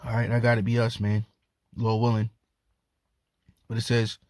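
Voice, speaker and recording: A man's voice: fairly low pitch, completely flat delivery, normal speed, pauses often, a little mellow, no echo. A man teaching from the Bible in a loose, casual street-talk way, often chuckling and tacking "man" onto his sentences. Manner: loose and slangy, repeats "man", laughs often.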